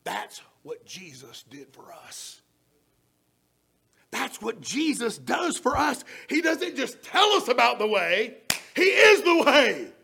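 A man preaches a sermon in a very high, lively voice. His tone is gravelly and bright, and he swings from shouted emphasis down to soft near-whispers. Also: slow pace. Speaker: pastor.

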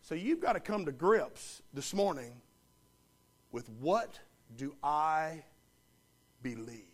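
A man's voice: fairly high pitch, sing-song, slow pace. A man preaching a sermon as pastor, emphatic, repeating lines and putting questions to the congregation.

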